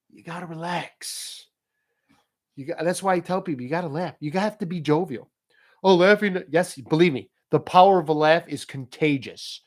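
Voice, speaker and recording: A man talking casually as host, telling a story and giving motivational advice, laughing as he goes. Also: fairly high pitch. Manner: animated, laughs while telling stories.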